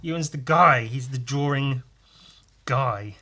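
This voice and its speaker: A man's voice: mid-range voice, takes it slowly, background noise. A man hosting a podcast, rambling casually with crude, self-mocking humour while he draws. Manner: talks while drawing. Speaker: podcast host.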